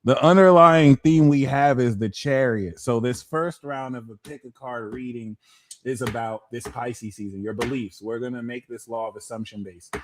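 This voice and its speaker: A man hosting a live tarot card reading, talking in a playful, slangy, animated way. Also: medium pitch, moderate pace. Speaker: tarot reader.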